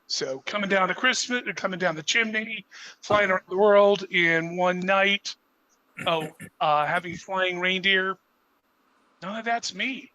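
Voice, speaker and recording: A man who performs as Santa speaks gently and earnestly, as if talking to children. His voice is fairly high and bright, with a clear edge to it. He comes through a video-call mic. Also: a little slow, dull audio.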